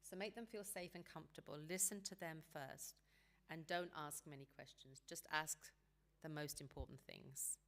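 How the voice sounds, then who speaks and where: A woman giving a seminar talk on parenting teenagers, calm and practical, sometimes acting out what parents and teens might say. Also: deep voice, moderate pace. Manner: calm, practical advice, acts out quoted dialogue.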